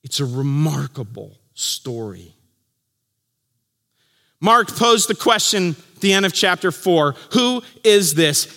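A man with a high, bright voice preaches a sermon from the pulpit. He tells the story vividly, acting out the people in it and dropping to a hush for the key lines. His voice rings with the long reverb of a church hall. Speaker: pastor.

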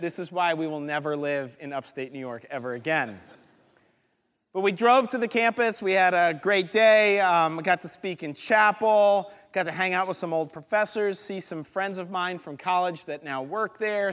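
Male pastor, high-pitched voice, animated storytelling, long hall reverb. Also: moderate pace. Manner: animated, acts out other people's lines. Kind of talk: storytelling sermon.

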